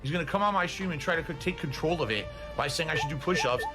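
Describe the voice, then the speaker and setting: A man's voice: fairly high pitch, quick pace, over loud music. A middle-aged man live streaming, ranting in a profane, combative, indignant way, winded and out of breath. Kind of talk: ranting livestream talk.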